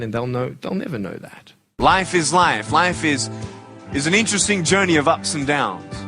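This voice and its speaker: Impassioned male motivational speaker, fairly high voice, hushed-to-loud swings, rhetorical questions, faint music behind. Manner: asks the audience rhetorical questions. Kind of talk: motivational speech to a live audience.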